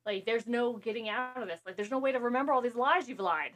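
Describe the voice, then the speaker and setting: A woman's voice: a little high, a bit bright. A woman co-hosting a podcast, chatting casually and rambling about a movie as she watches it. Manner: rambling, quick asides, laughs. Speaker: podcast co-host.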